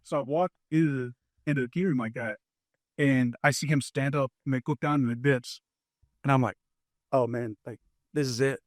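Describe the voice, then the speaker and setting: A man's voice: mid-range voice, fairly even intonation, dry recording, studio quality. A young man, a football team captain, telling stories in casual chat with lots of fillers. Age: young adult. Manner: fast storytelling with lots of fillers.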